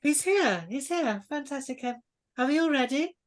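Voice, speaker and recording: A woman's voice: sits high, expressive, moderate pace, voice pushed up. A woman voicing a grand noblewoman hostess with a piercing, theatrical way of announcing. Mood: excited.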